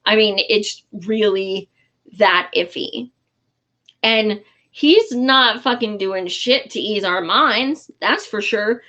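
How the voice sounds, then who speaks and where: A woman's voice: mid-range voice, takes it slowly, bright, forceful tone, dull audio. A woman giving casual, frustrated political commentary in a vlog, blunt and swearing freely, with many fillers.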